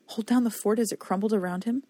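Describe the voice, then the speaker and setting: Audiobook narrator, husky voice, dry close sound. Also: female voice, medium pitch, fast, warm tone, no room sound. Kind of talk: scripted narration.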